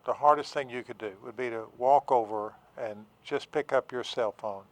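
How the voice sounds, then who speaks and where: A man talking as a therapist and professor on a radio show, halting, with many fillers and restarts. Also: mid-range voice. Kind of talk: casual radio talk.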